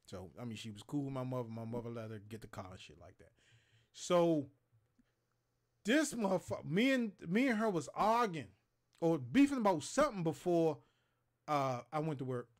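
A man's voice: a little high, normal speed. Guy from maryland telling wild stories on his show, cussing, doing all the voices. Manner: animated, profane, acts out quotes and sound effects. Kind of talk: casual storytelling chat.

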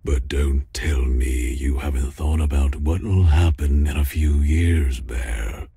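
An actor playing a smug, menacing crime boss in a noir game, with a deep gravelly voice and a slow, threatening manner. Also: male voice, dark tone, dry recording, exaggerated voice.

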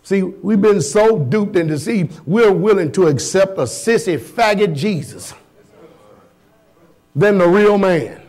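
High-voiced pastor preaching with fiery questions. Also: male voice, expressive, darkish tone. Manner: preaches with rapid-fire rhetorical questions to the congregation; folksy, blunt and emphatic. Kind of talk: sermon.

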